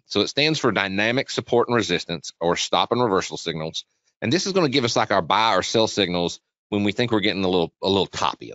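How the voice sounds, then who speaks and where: Chatty low-voiced man teaching trading. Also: fairly bright tone, no echo, lo-fi sound. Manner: chatty, repetitive, asks the audience questions. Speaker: trading webinar presenter. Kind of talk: casual live chart walkthrough.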